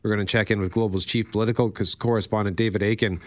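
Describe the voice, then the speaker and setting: A man's voice: on the low side, steady tone, quick pace, no echo. A man hosting morning radio, chatty and self-deprecating, laughing easily. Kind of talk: casual radio banter and ad reads. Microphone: studio microphone. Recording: dry close studio sound.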